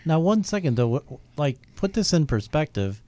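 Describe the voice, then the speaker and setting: A man's voice: a little high, very animated, normal speed, warm tone, no room sound. A man hosting a casual interview, reacting briefly and asking short clarifying questions. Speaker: host.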